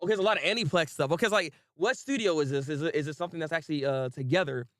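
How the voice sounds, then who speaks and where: A young man hosting a casual anime review livestream, talking in an animated way, laughing often and chatting with viewers. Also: fairly high pitch, rapid-fire, dry recording, studio quality.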